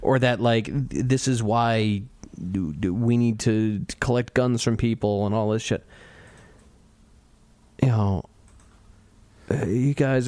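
A man's voice: fairly low pitch, dark tone, dry recording. A man co-hosting a podcast, making a blunt, profane argument in casual talk. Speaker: podcast co-host.

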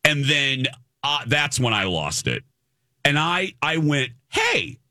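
A man's voice: a little high, slow pace, no room sound, studio quality. A man hosting a podcast, telling a story in a casual, emphatic and indignant way. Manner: animated, emphatic, indignant retelling.

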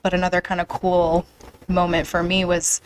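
Chatty young woman, flat low voice. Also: normal speed, a little hiss or hum, low-quality recording. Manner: chatty, emotional, many "like" fillers. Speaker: podcast host. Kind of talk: casual interview chat.

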